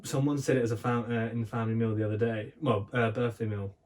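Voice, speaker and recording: A man's voice: medium pitch, little pitch movement, quick pace, darkish tone, far from the mic. Rambling young man, a little off-mic. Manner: rambling storyteller with many fillers and restarts. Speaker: podcast co-host. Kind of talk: casual chat.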